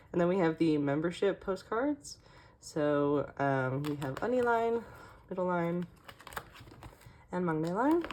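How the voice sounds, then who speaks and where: A young woman with a slightly low voice talks casually through her collection. She is chatty and fills gaps with fillers and small laughs. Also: a little mellow, a little hiss or hum. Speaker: K-pop collecting vlogger.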